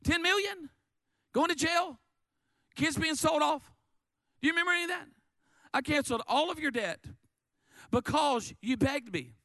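Preacher guy doing an indignant master chewing out his servant, high pitched and pushy. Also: animated, moderate pace, pauses often, sharp tone, no room sound, exaggerated voice. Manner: incredulous, reproachful, emphatic.

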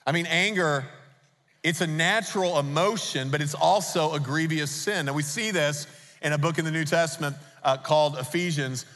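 A man's voice: fairly high pitch, moderate pace, a bit bright. Emphatic male pastor in a reverberant hall. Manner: emphatic, poses rhetorical questions to the congregation. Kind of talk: sermon. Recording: long reverb of a large hall.

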